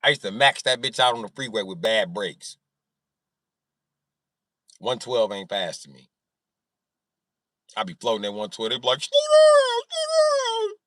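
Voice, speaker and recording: A man's voice: lowish voice, normal speed, long pauses, pushed and bright, no echo. A man telling profane stories casually on a live stream, acting out sounds and voices. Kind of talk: casual storytelling.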